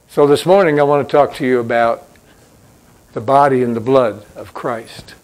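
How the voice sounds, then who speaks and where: A man's voice: medium pitch, moderate pace, darkish tone. A man preaching a sermon as pastor in a church, in a conversational storytelling way that repeats key points.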